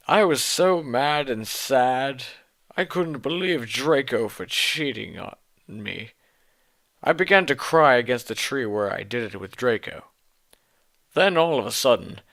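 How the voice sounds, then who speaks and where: A man's voice: mid-range voice, fairly bright tone, no room sound. A young man giving a sarcastic dramatic reading of a story, breaking off for exasperated, mocking asides.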